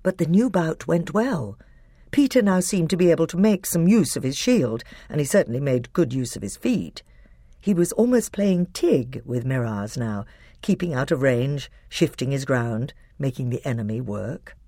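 A woman with a low voice narrates a storybook expressively. Her pitch moves a great deal. The recording is dry and close, with no room sound. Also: expressive, moderate pace, warm tone, husky, no echo. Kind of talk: audiobook narration.

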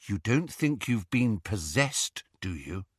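Brisk, clever young woman, as a male narrator puts her on: raised voice, lively, dry close read. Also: on the high side, husky, dry recording, voice pushed up, heavily acted. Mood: coaxing. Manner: quick, impatient, insistent.

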